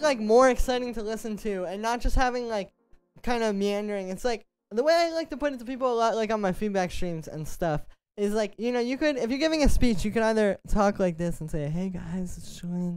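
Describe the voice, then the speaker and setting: A man, a music producer, explaining melody writing in a relaxed, conversational tutorial, stepping through his points one by one. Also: very high-pitched, quick pace, smooth, dry recording. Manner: conversational, explains step by step while playing examples. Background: synth music playing.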